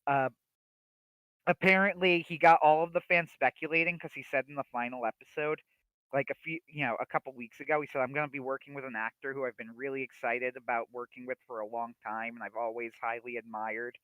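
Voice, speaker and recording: A young man casually chatting on a livestream about a TV series, animated, laughing often and restarting his sentences. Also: mid-range voice, brisk, smooth, no echo, dull audio. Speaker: livestream co-host.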